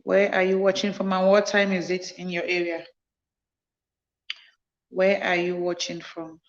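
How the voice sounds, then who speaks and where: The audio is dull, captured on a phone, as a woman with a lowish, monotone voice speaks at a measured pace. She runs a casual livestream after a night shift, tiredly repeating her greetings and thanks to viewers who drop in.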